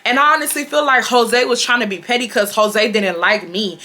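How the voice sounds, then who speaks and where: A woman, telling a casual storytime in a chatty, filler-heavy, animated way. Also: on the high side, brisk. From Houston, Texas. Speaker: YouTuber.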